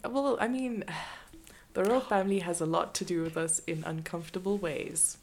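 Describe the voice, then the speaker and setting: A woman co-hosting a casual comedy podcast, relaxed and giggly, with lots of small agreeing sounds. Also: fairly low pitch, moderate pace. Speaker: podcast co-host.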